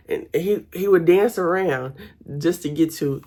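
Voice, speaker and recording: A woman's voice: fairly low pitch, normal speed, darkish tone. A young woman, chatting casually with her viewers while doing her makeup at home. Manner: chatty, addresses viewers as y'all. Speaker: vlogger.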